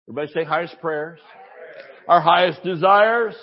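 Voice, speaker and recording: A man preaching a sermon with exuberant energy, swinging from shouts to quiet asides. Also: on the high side, expressive, a little fast, muffled recording.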